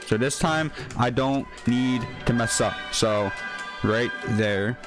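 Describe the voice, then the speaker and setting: Young male gaming host, mid-pitched, excitable, faint game music behind. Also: takes it slowly. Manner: excitable, yells and whines when failing. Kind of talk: live gameplay commentary.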